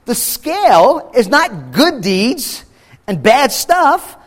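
A man preaching a sermon as pastor, slowing down for heavy emphasis and acting out quoted voices. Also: very high voice, big pitch swings, in a large hall. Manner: preaching with dramatic slow emphasis and acted quotes.

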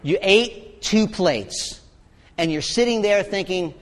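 Male pastor, high voice, chatty preaching with sarcastic asides, long hall reverb. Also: animated, measured pace. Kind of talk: sermon.

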